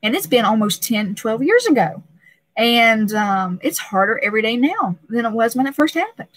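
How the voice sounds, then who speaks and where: A woman's voice: a little high, very animated, normal speed, a bit bright, no room sound, rough recording. A young pregnant woman hosting a casual live stream, talking emotionally and laughing often, with many restarts.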